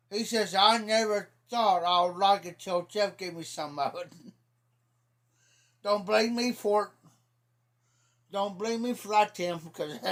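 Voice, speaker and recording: High-voiced middle-aged guy from ohio rambling through folksy stories on his stream. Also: fairly bright tone. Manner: rambling folksy storyteller, repeats "I said". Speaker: livestream host. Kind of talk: casual storytelling chat.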